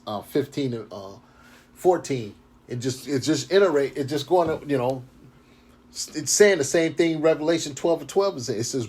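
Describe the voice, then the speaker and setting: A man preaching informally on scripture, reading verses slowly and then commenting in heated, profane slang. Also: medium pitch, a little mellow, slightly rough. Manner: gets fired up. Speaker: scripture teacher.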